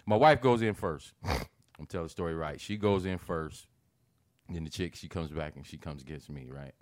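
A man telling a long funny story in casual chat, animated and profane, jumping into high-pitched quoted reactions. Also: moderate pace, no room sound.

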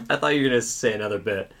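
A man's voice: medium pitch, creaky, fairly bright tone, a little hiss or hum. A man, a regular guest on a podcast, chatting casually and often stopping to search for a name he can't recall. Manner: halting, searches aloud for names. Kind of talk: casual chat.

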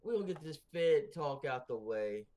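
A man co-hosts a loose, casual podcast over a remote call. He rambles in slang and laughs often. His pitch swings widely as he gets going. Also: animated, unhurried, noisy background. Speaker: podcast co-host. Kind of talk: casual wrestling podcast chat. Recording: remote call with glitchy connection.

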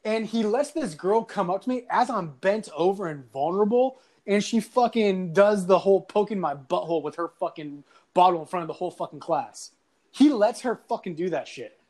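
A young man casually telling a profane high school story, animated and swearing, often laughing through his lines. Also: moderate pace. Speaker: podcast guest telling a story.

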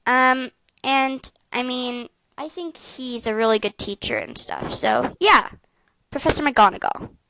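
A woman's voice: high-pitched, big pitch swings, a little slow, sharp tone, a little hiss or hum, rough recording. A woman co-hosting a casual podcast, chatty and full of hesitant fillers. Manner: chatty, hesitant fillers, rating things aloud. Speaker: podcast co-host.

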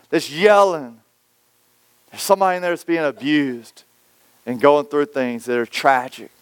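A man preaching a sermon, telling stories and acting out quoted voices with lively swings. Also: a little high, clear, resonant tone, no room sound. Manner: storytelling, animated, acts out quoted voices. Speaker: pastor.

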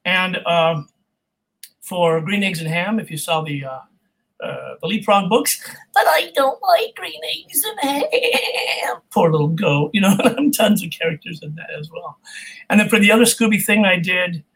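A man from California, a voice actor, chatting as an interview guest in an animated, jokey way. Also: sits high, normal speed, poor audio. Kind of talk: casual interview chat.

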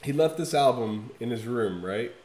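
A man in casual podcast chat, talking emphatically and with a lot of swearing, swinging from loud bursts to low, quiet stretches. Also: expressive, moderate pace, roomy sound, slight background noise. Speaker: podcast co-host. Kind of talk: casual chat reviewing an album.

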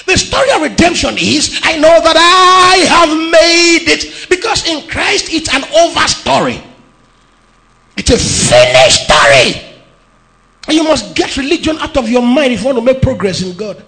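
A man preaching a sermon as pastor, emphatic, with phrases shouted and sung out. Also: extremely high pitch, sing-song, a little slow, vocal fry. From Nigeria.

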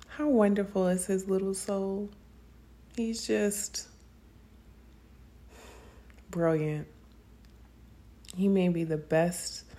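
A young woman hosting a podcast, talking candidly and casually with profanity and frequent laughter. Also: on the low side. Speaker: podcast host. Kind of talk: casual personal monologue.

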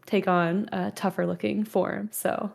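A woman playing a tabletop role-play, relaxed and explaining at length. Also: mid-range voice, a little slow, vocal fry. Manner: relaxed, explaining, laughs often. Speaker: player.

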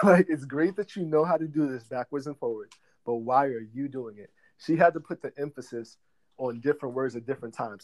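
A young adult man, a director at a credit repair business, appears as an interview guest giving long, earnest answers. He explains step by step with plenty of fillers, in a medium-pitched, slightly mellow voice that runs a little fast.

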